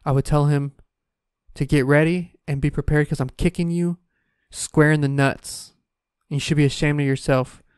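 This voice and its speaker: A man's voice: fairly high pitch, fairly even intonation, moderate pace, a little mellow, smooth, no echo, studio quality. A man delivering a profane, exasperated comedic rant, exaggerating wildly. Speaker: comedic ranter.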